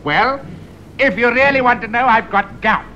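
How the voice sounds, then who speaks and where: A man's voice: very high-pitched, moderate pace, muffled recording. An actor playing a grumpy middle-aged man with gout who rants and flares up, in a 1970s radio comedy. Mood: ranting. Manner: indignant ranting, flaring into shouts. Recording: hissy old radio tape.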